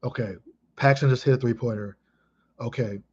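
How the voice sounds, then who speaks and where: Excitable swearing man reminiscing. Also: medium pitch, moderate pace, husky, highs cut off. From Chicago. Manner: excitable, emphatic, heavy swearing. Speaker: vlogger. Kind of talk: casual reminiscing monologue.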